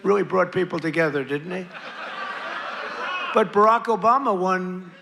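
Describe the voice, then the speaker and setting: A man's voice: high-pitched, steady tone, normal speed, creaky. A man giving a political rally speech as president, boastful, repetitive and rambling. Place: outdoor or arena rally with a crowd. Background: faint crowd noise.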